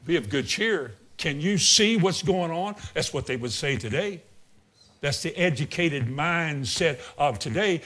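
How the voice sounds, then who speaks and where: Preacher guy, kinda high voice, goes from shouting to murmuring, acts out the scenes. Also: animated, unhurried. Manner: dramatic, swings from loud outbursts to low murmurs. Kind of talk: sermon.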